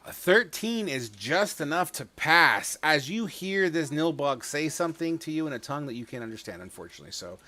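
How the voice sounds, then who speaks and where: A man runs a tabletop game with a bright, forward voice, narrating rolls and attacks loosely. He jokes, swears casually and stumbles over his words now and then. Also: fairly high pitch, sing-song, a little fast, hardly any pauses, dry recording. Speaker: game master.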